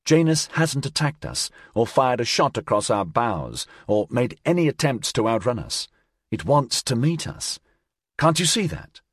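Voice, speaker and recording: A man voicing a calm, earnest male crewman in an audiobook, persuading gently. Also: medium pitch, measured pace, husky, no room sound, studio quality, voice pushed up.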